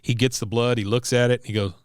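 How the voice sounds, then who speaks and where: A man hosting a podcast, recapping an episode in a casual, animated way. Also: medium pitch, fast, clear, resonant tone, no room sound, studio quality. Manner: animated, laughing storyteller. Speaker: podcast host.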